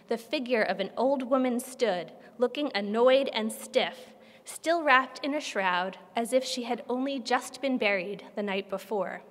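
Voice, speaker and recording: A woman reads translated literary fiction aloud at a measured, expressive pace. Her voice sits fairly high. A long reverb hangs on every phrase, as in a large conference hall. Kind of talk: reading a translated novel aloud. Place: conference room.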